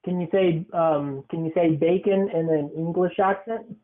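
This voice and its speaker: A man's voice: a little high, fairly even intonation, moderate pace. A young man hosting a podcast, joking and teasing as he tells stories. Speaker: podcast host. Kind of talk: casual podcast chat. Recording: tinny phone-like sound.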